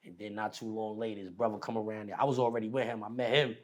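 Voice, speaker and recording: A man telling a long personal story in casual, slangy street talk, animated as he retells it. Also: lowish voice, fast. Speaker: podcast guest.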